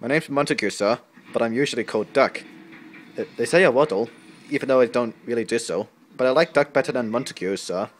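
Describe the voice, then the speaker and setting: A man voicing a polite, calm male steam engine in a storybook reading. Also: medium pitch, a little fast, a little hiss or hum, close to an everyday voice.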